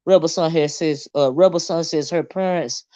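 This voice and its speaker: A woman's voice: sits low, normal speed, dark tone, no echo, muffled recording. A woman hosting a casual livestream and reading her chat, blunt and swearing freely, with a habit of repeating herself.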